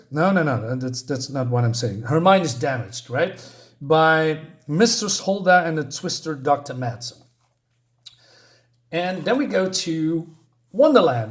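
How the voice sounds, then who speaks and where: Hesitant man reviewing a comic. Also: fairly high pitch. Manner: hesitant, many ums and restarts. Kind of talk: casual spoken review.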